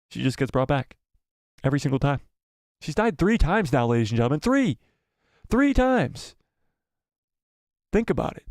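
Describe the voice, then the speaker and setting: A man hosting a live watch-party stream, chatting excitedly, exclaiming and repeating himself. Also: medium pitch, no room sound, clean studio sound. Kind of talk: live watch-party chat, reading viewer comments.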